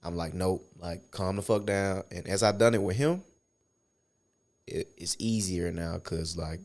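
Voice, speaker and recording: A young man with a very deep, gravelly voice, telling personal stories on a casual podcast. He talks in a loose, profane way and acts out the voices of people in his stories. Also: measured pace. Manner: animated, profane storytelling with acted quotes. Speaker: podcast co-host. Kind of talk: casual chat, storytelling.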